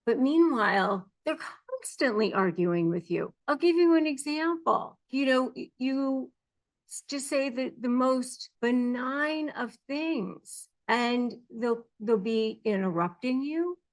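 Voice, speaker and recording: Speaking slowly with a high voice and lively intonation, a middle-aged narcissism negotiation coach gives sincere advice straight to camera. She describes behaviors and imitates the kinds of things people say.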